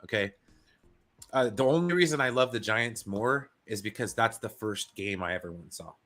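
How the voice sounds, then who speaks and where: A man's voice: fairly low pitch, animated, normal speed, a bit bright. A man from Northern California guest co-hosting a casual sports chat, enthusiastic, swearing and saying "dude" a lot. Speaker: guest co-host.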